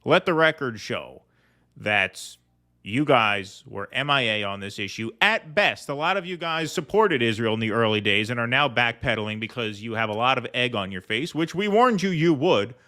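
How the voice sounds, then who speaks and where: A man hosting a podcast, offering casual political commentary in a halting, conversational way. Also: medium pitch, expressive, bright, forceful tone. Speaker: podcast host.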